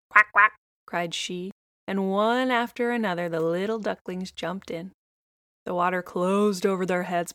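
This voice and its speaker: Gravelly woman reading a fairy tale. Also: medium pitch, dry recording, studio quality. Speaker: storyteller. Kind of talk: fairy tale read aloud.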